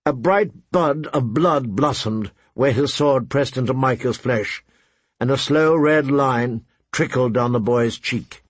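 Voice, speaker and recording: Husky male audiobook narrator. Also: mid-range voice, measured pace, no echo.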